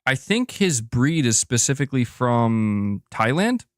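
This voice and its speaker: A man's voice: mid-range voice, big pitch swings, a little slow, no echo, studio quality. A young man hosting a casual gaming livestream, bantering playfully with his cat and reading viewer chats aloud. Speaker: gaming news streamer.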